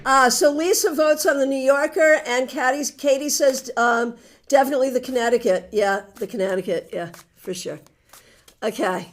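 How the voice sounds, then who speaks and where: A high-pitched woman with a New England accent speaks at normal speed as she does tarot readings for a live audience. She's chatty and friendly, teasing warmly and laughing often.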